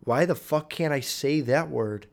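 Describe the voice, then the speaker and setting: A man's voice: mid-range voice, unhurried, creaky. A young man in a casual, profane monologue, reading a list aloud, stumbling over words and swearing freely as he rambles. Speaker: vlogger.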